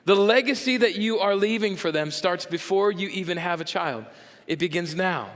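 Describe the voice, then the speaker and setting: A man preaching a sermon as pastor, animated and jokey, acting out the voices of people in his congregation. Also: sits high, long reverb tail. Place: church sanctuary.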